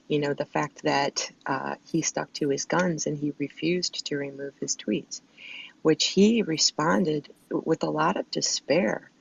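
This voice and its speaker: A caller with a gravelly, husky voice asks a long question quickly and earnestly. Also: medium pitch. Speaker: audience caller. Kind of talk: casual conversation. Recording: muffled lo-fi audio.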